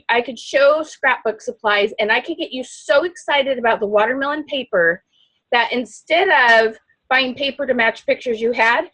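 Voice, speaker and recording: A loud, outgoing woman giving an animated coaching talk to a sales team. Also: fairly high pitch, rough recording. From not from the Midwest.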